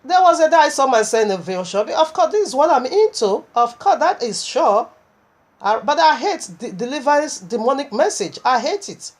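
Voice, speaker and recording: A woman's voice: high-pitched, sing-song, moderate pace. A woman preaching a sermon, impassioned and repetitive, with stammering restarts as she recounts a vision.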